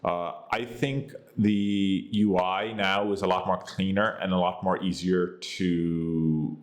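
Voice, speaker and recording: A man's voice: fairly even intonation, takes it slowly. A man with an American accent giving a casual, rambling review of an app, full of fillers and repeated catchphrases. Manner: rambling, filler-heavy, says "boom" and "you get the idea". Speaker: tech reviewer.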